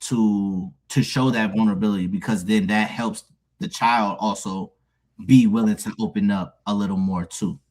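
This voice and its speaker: Brief: male panelist, early thirties, low voice, sincere and halting. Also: fairly even intonation, a little mellow. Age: 30s. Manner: halting, with many restarts and fillers, sincere. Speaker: panelist, stepparent. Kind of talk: candid panel discussion.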